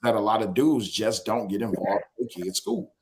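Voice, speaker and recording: A man's voice: fairly low pitch, moderate pace, darkish tone. A man hosting a casual discussion, talking bluntly and profanely and repeating phrases for emphasis. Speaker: podcast host.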